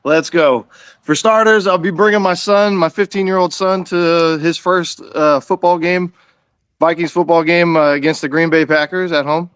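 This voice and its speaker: Middle-aged male caller, smooth, somewhat high voice, dry sound, confident and eager. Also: fairly even intonation, moderate pace, fairly bright tone, no echo. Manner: enthusiastic, confident.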